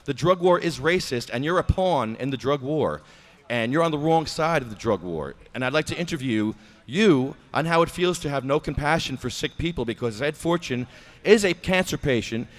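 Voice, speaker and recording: A man's voice: on the high side, expressive, normal speed. A man hosting a talk podcast, ranting in an abrasive, mocking way and leaving a confrontational phone message. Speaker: podcast host. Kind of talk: ranting talk show with prank-style phone call.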